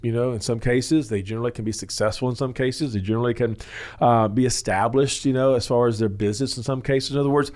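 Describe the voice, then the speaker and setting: With fairly even intonation and a slightly mellow, mid-range male voice, the host of a church counseling Q&A show teaches in a long, loose, rambling way. He often stops for "uh" and "you know" and at times acts out the people he's describing.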